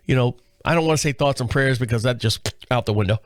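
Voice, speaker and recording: A man's voice: medium pitch, quick pace, hardly any pauses, dry recording, studio quality. A man hosting a podcast, telling a long story in a casual, rambling way with frequent restarts. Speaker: podcast host.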